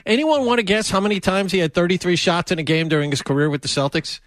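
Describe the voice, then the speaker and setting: Wry higher-voiced podcast man. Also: quick pace, a bit bright, no room sound. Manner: wry, self-mocking storyteller. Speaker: podcast co-host. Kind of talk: casual sports talk.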